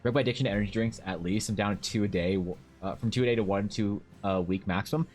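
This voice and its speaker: A young man chatting casually on a live stream while he paints, telling stories in a rambling, animated way with lots of restarts. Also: on the low side, quick pace, faint music behind. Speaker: Twitch streamer and artist.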